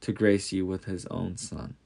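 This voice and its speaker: A man voicing the angel Gabriel, a kind male messenger from heaven, speaking calmly and reassuringly in a storybook reading. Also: deep voice, measured pace, gravelly, heavily acted. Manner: calm and reassuring.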